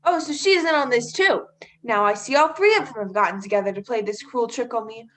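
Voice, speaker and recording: A woman's voice: fairly high pitch, fairly quick, a little hiss or hum, natural voice. A teenage girl acting as a hurt, jealous young woman in a school stage play, pleading and bitterly sarcastic. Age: teens. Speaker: student actor.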